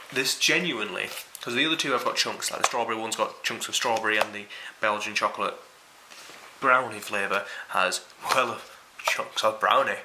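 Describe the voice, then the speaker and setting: A man's voice: mid-range voice, background noise. A young man with a Yorkshire accent giving a casual, rambling and sweary food review to camera. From Yorkshire, England.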